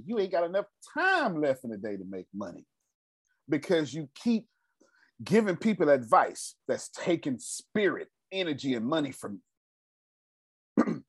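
A man's voice: on the high side, slightly rough, no room sound, clean studio sound. A man leading a group meeting with a motivational talk, emphatic and preachy, repeating his phrases and using casual slang. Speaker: meeting leader.

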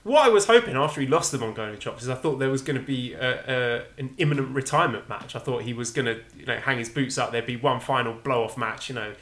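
A man co-hosting a podcast, recapping matches in a measured, wry, casual way. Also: medium pitch, fairly bright tone. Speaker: podcast co-host. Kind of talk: casual wrestling review chat.

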